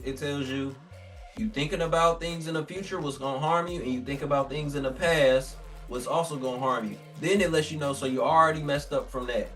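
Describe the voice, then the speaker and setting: Far from the mic, a man whose voice is a little high and fairly bright teaches scripture informally. After reading the ancient passage aloud, he breaks it down in everyday slang and performs the voices of those quoted.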